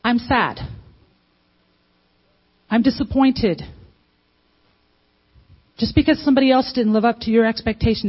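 A woman's voice: fairly high pitch, a little slow, pauses often, muffled recording. A woman preaching a sermon in a conversational way, putting questions to the congregation and acting out little quotes. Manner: conversational, asks the audience questions, acts out quotes.

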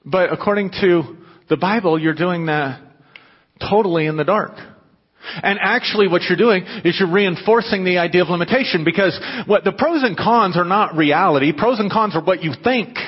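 In dull, muffled audio soaked in long hall reverb, a man preaches to his congregation as their pastor. His voice sits high and sounds husky, moving at normal speed, and his conversational delivery breaks into emphatic, raised bursts.

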